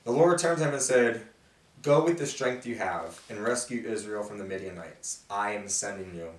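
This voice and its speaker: A man's voice: lowish voice, expressive, normal speed. A man casually reading and explaining a Bible passage, acting out the characters' lines with feeling. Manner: conversational, voices the characters' quotes with feeling. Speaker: host reading and explaining scripture. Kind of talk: casual Bible study teaching. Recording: roomy, mic at a distance.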